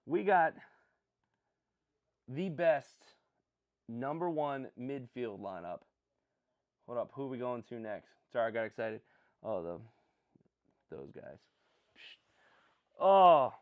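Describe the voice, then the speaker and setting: Young man, live-stream host, excitable, rambling, self-correcting, slightly high pitch. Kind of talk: live-streamed draft commentary.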